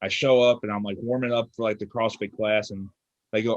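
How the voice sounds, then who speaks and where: A young man in his twenties, a fitness coach, tells a story in casual conversation, animatedly acting out what people said. His voice is lowish and fairly quick, recorded lo-fi with no room sound.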